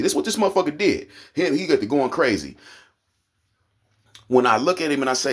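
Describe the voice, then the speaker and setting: A man with an Oklahoma accent ranting angrily to camera, profane and heated, his voice climbing into high indignant peaks. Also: animated, fairly quick, pauses often, husky. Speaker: vlogger. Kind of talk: angry rant to camera.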